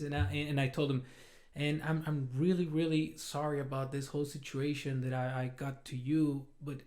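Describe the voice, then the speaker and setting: A man's voice: a little high, moderate pace. Rambling man telling a story. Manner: rambling, animated, acts out quoted voices. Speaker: podcast co-host. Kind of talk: casual storytelling chat.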